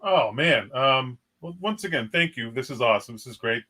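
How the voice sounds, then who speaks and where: A man's voice: mid-range voice, animated, moderate pace, sharp tone. A man in his forties, a guest on a casual horror podcast, rambling through memories with frequent laughs and restarts.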